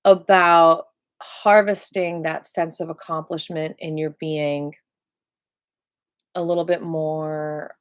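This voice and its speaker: A woman teaching a live-streamed qigong class, upbeat and playful, who slows into soft guided cues for breathing. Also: sits low, clean tone. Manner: upbeat and playful, breaks into squeals of excitement.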